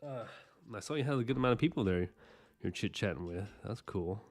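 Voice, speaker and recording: A man's voice: on the low side, animated, a little fast. A man chatting casually with livestream viewers while he draws, rambling and often apologizing. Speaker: artist streaming while drawing.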